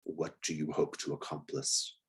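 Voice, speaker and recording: A man's voice: very deep voice, monotone, moderate pace, husky, exaggerated voice. A man doing an ancient grinding stone guardian. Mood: stern demanding. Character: ancient stone mannequin guardian, severe and stern.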